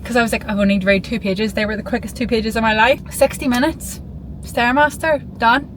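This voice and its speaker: Chatty young woman vlogging, kinda high voice, bubbly and rambly, faint noise in the back. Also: brisk, low-quality recording. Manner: bubbly, rambling, easily excited. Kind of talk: casual chatty vlog.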